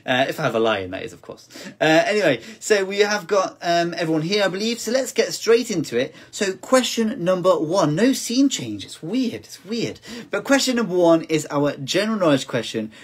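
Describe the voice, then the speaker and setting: Male quiz host, slightly raspy voice, casual and self-deprecating, repeats the questions. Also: high-pitched, very animated, normal speed. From United Kingdom. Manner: chatty, repeats each question several times, laughs at himself. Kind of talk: casual live-stream quiz hosting.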